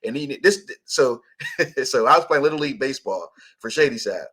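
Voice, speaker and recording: A man's voice: medium pitch, lively intonation, moderate pace, a bit bright, husky. A man hosting a radio show, teaching scripture in casual talk, blunt and profane, laughing often.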